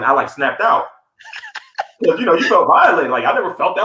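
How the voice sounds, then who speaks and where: A man's voice: high-pitched, quick pace. A man co-hosting a podcast, telling a story in casual chat and acting out the quotes with a raised voice. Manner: animated, acts out quotes in a raised voice. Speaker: podcast co-host. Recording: echoey room.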